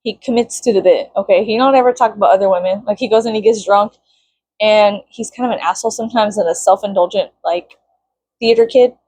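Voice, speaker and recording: A woman's voice: mid-range voice, fairly quick, a little mellow, no room sound. A young woman vlogging casually, venting with lots of swearing and bursts of mock-outraged shrieking.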